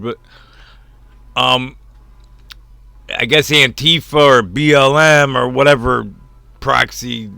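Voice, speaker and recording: A man's voice: medium pitch, gravelly, pushed and bright, dry recording. A man giving rambling, casual reaction commentary on a video, full of fillers and the odd swear.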